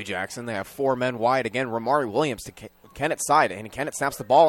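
A young man calling high school football play-by-play, his voice climbing sharply on big plays. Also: fast, few pauses. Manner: rises sharply in pitch and volume on big plays. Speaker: play-by-play commentator.

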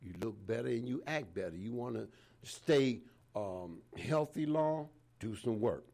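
A man's voice: mid-range voice, animated, measured pace, creaky, mellow. A man in his seventies preaching an informal sermon in a folksy way, dropping in "praise the Lord" again and again. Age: 70s.

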